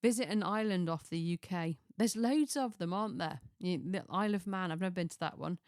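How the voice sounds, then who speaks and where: A middle-aged woman chats in a relaxed, rambling way, doubling back on herself and chuckling at her own asides. Her voice sits slightly low. The recording is dry and close, with no room sound. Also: fairly quick, no echo. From Chester, England. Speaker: lifestyle vlogger. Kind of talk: casual chatty monologue.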